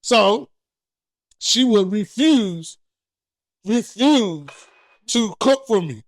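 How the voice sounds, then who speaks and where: A man co-hosting a podcast in casual chat, telling blunt and candid stories that grow loud when he acts out arguments. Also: high-pitched, expressive, extremely slow, no room sound. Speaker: podcast co-host.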